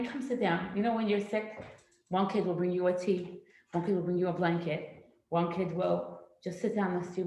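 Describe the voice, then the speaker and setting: A middle-aged woman teaching a parenting class in a classroom, lively and acting out children's voices. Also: medium pitch. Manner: animated, acts out children's voices. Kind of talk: classroom lecture. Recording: very echoey room.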